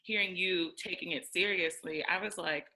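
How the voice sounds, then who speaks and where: A young woman co-hosting a podcast, telling a story in casual chat, animated and acting out quoted lines with many fillers. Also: on the low side, normal speed, low-quality recording. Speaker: podcast co-host.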